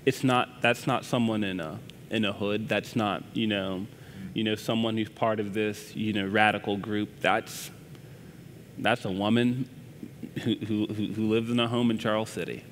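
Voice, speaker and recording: A man, a news reporter, earnestly telling a personal story in a conversation at church, halting and restarting his sentences. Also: on the low side, flat delivery, a little hiss or hum.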